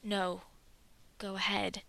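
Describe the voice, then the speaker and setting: A woman voicing a big, gentle, tattooed male dwarf warrior who speaks calmly and softly, with a light teasing edge. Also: medium pitch, takes it slowly, vocal fry. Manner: calm, soft, teasing.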